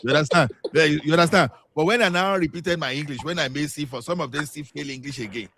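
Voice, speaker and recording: Animated Nigerian man telling stories. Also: fairly high pitch, fast, a crowd in the background. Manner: animated storytelling with repeated restarts. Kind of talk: casual panel chat.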